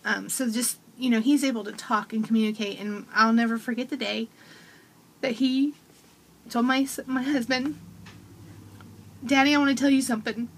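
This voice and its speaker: A woman's voice: a little high, steady tone, normal speed, a little hiss or hum. A woman in her thirties giving a casual testimonial as a parent, telling stories with animation and acting out her child's voice.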